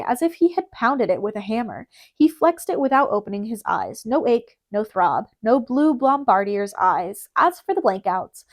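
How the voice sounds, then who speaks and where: A woman reading an audiobook in a steady, measured narration. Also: on the high side.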